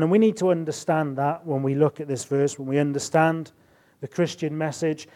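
A middle-aged man preaching a sermon, rising to emphatic bursts and dropping to quiet asides. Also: fairly high pitch.

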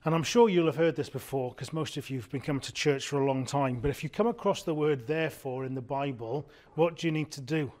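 A man preaching an evening sermon, earnest and emphatic, repeating key words and slowing down to stress them. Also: on the high side, darkish tone.

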